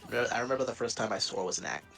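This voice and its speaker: A man's voice: mid-range voice, racing, vocal fry, a bit bright, soft background music, low-quality recording. A man chatting casually while gaming, rambling with lots of fillers and giggling often. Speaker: co-host.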